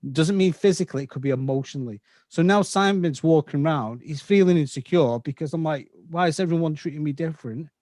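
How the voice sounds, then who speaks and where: Medium-pitched and a little mellow, the voice belongs to an Englishman in his fifties with a slight Scouse accent. He's a guest on a podcast, explaining at length in casual interview talk and checking in with his listener, recorded at studio quality with no echo.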